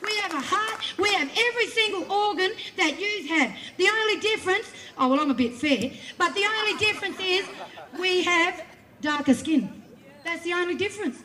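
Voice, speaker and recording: An Australian woman from Western Australia gives an impassioned, confrontational protest speech at an outdoor rally, forceful and repeating points for emphasis. Her voice is extremely high and animated, at a moderate pace. Crowd noise from the rally surrounds her.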